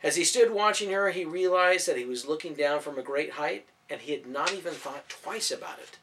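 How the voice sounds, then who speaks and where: A man narrating a storybook in expressive audiobook style. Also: on the high side, brisk. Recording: voice from a distance off mic.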